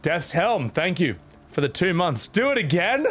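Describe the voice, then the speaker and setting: A man in his thirties, out of breath, chatting casually on his stream and shouting out thanks to his viewers. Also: high-pitched, big pitch swings, measured pace. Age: 30s. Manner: breathless, thanking chat with loud shout-outs.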